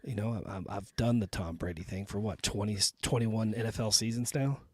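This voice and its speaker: A man's voice: fairly low pitch, a little fast, darkish tone, breathy edge, no room sound, studio quality. A man from Texas hosting a comedy podcast, talking bluntly and with plenty of swearing. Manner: blunt, profane, emphatic. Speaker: podcast host. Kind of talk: casual comedy podcast chat.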